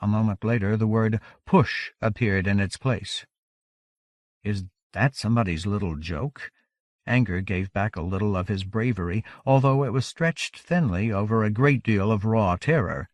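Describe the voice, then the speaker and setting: A man narrating a novel aloud in a measured, steady audiobook reading. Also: lowish voice, dry recording. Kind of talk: scripted narration.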